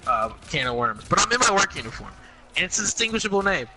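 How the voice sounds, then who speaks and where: A man's voice: high-pitched, big pitch swings, fast. A young man telling a story on a podcast in casual, profane chat, acting out quotes. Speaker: podcast co-host. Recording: noisy home podcast recording.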